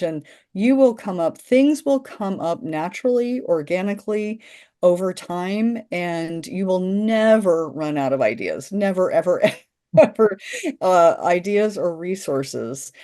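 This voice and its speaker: Enthusiastic woman literacy trainer, warm mellow tone, rambling delivery. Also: on the low side. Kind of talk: training webinar talk.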